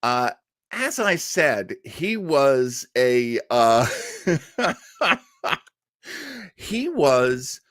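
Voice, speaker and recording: A man's voice: mid-range voice, big pitch swings, extremely slow, long pauses, fairly bright tone, dry recording, studio quality. A man from New England hosting a show, telling radio history in a chatty, digressive way with fillers and small laughs. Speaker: host. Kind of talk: casual storytelling commentary.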